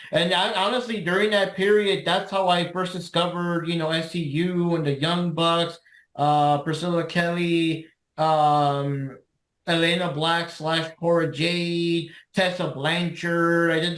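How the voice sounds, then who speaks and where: A man co-hosting a podcast in casual chat, his voice quite high for a man. He rambles in a laid-back way and keeps restarting his sentences. The recording sounds roomy and echoey. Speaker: podcast co-host.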